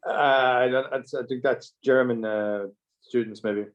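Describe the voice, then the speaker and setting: A man hosting an online Q&A, speaking haltingly with many restarts. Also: medium pitch, fairly even intonation. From Ireland. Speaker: host. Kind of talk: online talk Q&A. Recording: dull lo-fi audio.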